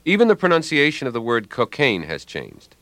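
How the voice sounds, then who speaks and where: A man reads a scripted radio commentary with a dry, ironic wit. His pitch rises and falls with lively movement. The studio sound is close and dead, with no room at all. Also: a little fast, no room sound. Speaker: language commentator.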